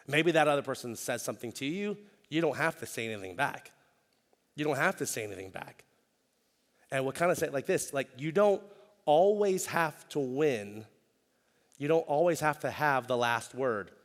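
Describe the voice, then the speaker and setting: A man's voice: a little high, fairly bright tone. A man preaching a sermon as pastor, talking in a conversational way with self-deprecating humor and repeating key lines for emphasis. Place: church auditorium. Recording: long reverb of a church hall.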